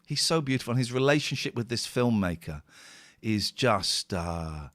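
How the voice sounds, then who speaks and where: A middle-aged man rambles through a casual radio chat, his pitch swinging widely as feeling takes over. He sounds worn out and near tears. The studio sound is close and dry. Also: lively intonation, normal speed, fairly bright tone, dry recording. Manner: emotional, rambling, tearful at times. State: tired. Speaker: radio host. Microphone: studio microphone.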